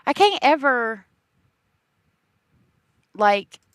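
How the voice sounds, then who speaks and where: Slow, chatty woman streamer. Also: sits high, sing-song, clean tone, no echo. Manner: chatty, laughs often, greets viewers. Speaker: true crime livestream host. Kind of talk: casual livestream chat.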